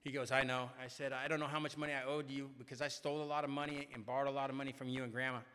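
A man's voice: mid-range voice, level tone, racing, bright, forceful tone, clear, resonant tone, long reverb tail. A middle-aged man telling a personal story to a meeting, chatty and often asking "right?". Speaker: recovery meeting speaker. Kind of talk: personal story told to a crowd.

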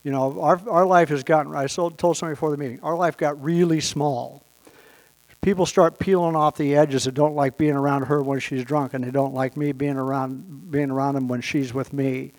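A man's voice: on the high side, steady tone, fairly quick, a little mellow. A man telling a long personal story with wry humor, briefly quoting other people as he goes. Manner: wry, anecdotal, quotes people in brief voices. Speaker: speaker sharing his story at a recovery meeting.

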